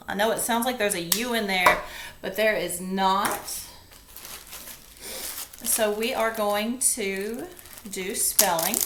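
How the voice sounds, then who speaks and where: Slow, patient woman teaching phonics. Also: medium pitch, noisy background. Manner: slow, patient, step-by-step instruction. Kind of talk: phonics lesson. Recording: echoey classroom, faint ambience.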